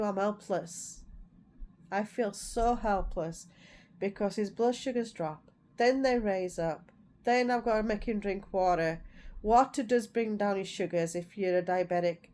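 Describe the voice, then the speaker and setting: A woman's voice: medium pitch, normal speed, a little mellow. A middle-aged woman vlogging in a rambling, casual way, repeating herself as she tells family stories. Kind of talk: casual chat to camera.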